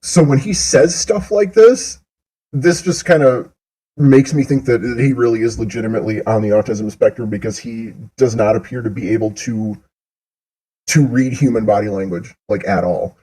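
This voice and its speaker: A man's voice: medium pitch, normal speed, warm tone, husky, low-quality recording. A man giving mocking, profane reaction commentary on a clip and laughing often, speaking into a desk mic. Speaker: commentary host.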